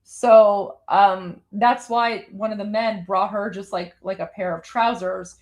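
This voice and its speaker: A woman's voice: medium pitch, fairly even intonation, takes it slowly, darkish tone. A woman from Iran hosting a live show, giving emphatic, indignant commentary on a video, with many fillers and restarts. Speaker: host.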